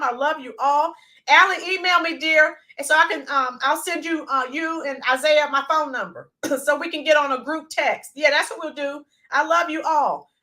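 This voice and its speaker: A woman's voice: high voice, pushed and bright. A woman hosting a casual livestream, chatting with viewers and greeting them by name. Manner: chatty, reads out viewer names, bursts into sung snippets. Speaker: livestream host.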